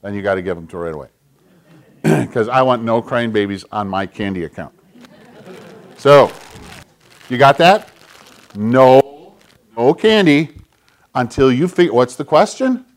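Brief: man as pastor, children's sermon, conversational and kind, average pitch. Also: lively intonation, a little slow, long pauses. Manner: gentle, conversational, clears throat often.

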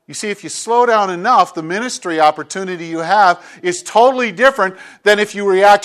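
A man's voice: high voice, fairly quick, few pauses, fairly bright tone. A man preaching a sermon as a pastor, talking conversationally and acting out little bits of dialogue.

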